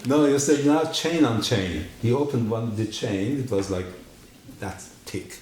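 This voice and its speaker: A guest gives his personal testimony in a church, telling the story a little slowly and in an animated way. His voice leaps high when he acts out what people said. The hall is echoey, with a bit of hiss on the recording.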